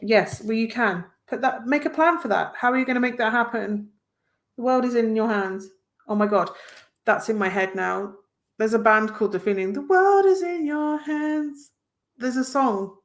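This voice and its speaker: A woman reading cards on a live stream, chatting casually and encouragingly with viewers as she reads out their comments. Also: medium pitch. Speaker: tarot reader hosting a live stream.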